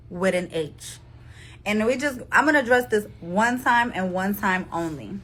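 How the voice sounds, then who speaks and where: A woman's voice: mid-range voice, normal speed, a bit bright. A woman in her thirties with a New Jersey accent, speaking straight to her followers on a phone livestream in an emphatic, repetitive, profane way. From New Jersey, USA. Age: 30s. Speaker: live streamer addressing followers. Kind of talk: casual livestream monologue.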